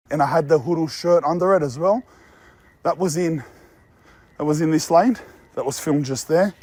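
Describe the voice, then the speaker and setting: A man's voice: fairly high pitch, brisk, darkish tone. A young Australian man talking casually outdoors, brash and boastful with street slang. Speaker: social media personality. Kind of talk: casual walking vlog. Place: outdoors among apartment blocks.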